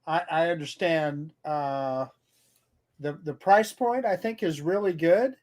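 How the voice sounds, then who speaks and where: A man's voice: on the high side, slow pace, darkish tone. Hesitant man, a guest on a livestream. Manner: hesitant, sighing, wry. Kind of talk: casual chat.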